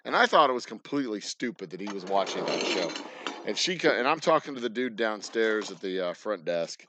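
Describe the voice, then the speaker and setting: A man's voice: fairly low pitch, very animated, fairly quick. A man in his forties, a distillery owner, telling personal stories in a rambling, profane, joking way. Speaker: distillery owner and channel host. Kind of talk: casual storytelling. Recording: noisy background with clicks.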